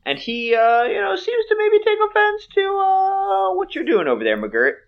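A man narrating a tabletop game as game master, halting with many fillers. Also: extremely high pitch, wildly swooping pitch, gravelly, highs cut off.

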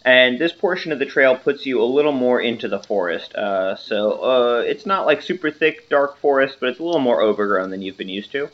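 A man narrating a tabletop game as game master, relaxed and joking, with hesitant fillers. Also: fairly quick, few pauses. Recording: muffled low-fidelity audio.

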